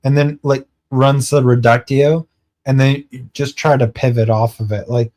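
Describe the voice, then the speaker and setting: A man streaming, telling a rambling casual story and acting out his friends' lines in quick quotes, laughing and swearing now and then. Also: mid-range voice, fairly even intonation, darkish tone.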